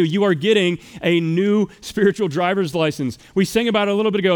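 Male pastor, sermon, high voice, from the US, playful storytelling asides. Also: a little fast, few pauses, clean tone. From United States.

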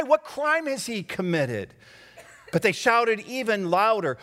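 A man preaching a sermon, swinging between a hushed voice and raised, dramatic outbursts. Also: sits high, expressive, measured pace. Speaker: pastor.

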